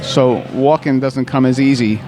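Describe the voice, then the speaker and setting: A man with a medium-pitched, everyday voice talks through stories from his work as a physical therapist. He keeps stumbling over his first words and doubling back, and fills the gaps with easygoing fillers. It is relaxed interview talk recorded outdoors. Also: moderate pace, over music. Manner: rambling, warm storytelling with frequent restarts and fillers. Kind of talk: conversational interview.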